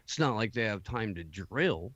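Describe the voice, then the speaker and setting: A man's voice: on the low side, expressive, moderate pace, a bit bright, dry recording, muffled recording. A man hosting a late-night talk show, rambling with many fillers and casual swearing. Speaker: podcast host.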